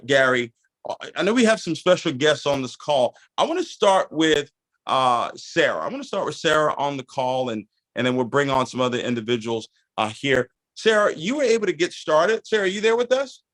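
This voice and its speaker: A man's voice: a little high, very animated, normal speed, fairly bright tone, rough recording. A man hosting a call, giving a persuasive, upbeat sales presentation.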